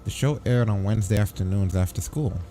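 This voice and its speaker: A man hosting a let's play, reading the game's text aloud with wry, deadpan asides. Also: on the low side, fairly quick, faint music behind.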